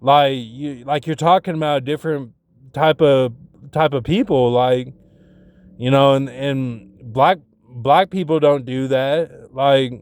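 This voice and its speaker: A man's voice: medium pitch, darkish tone, smooth, dry recording. A man talking in a rambling personal monologue, packed with fillers and restarts, getting agitated when he retells arguments.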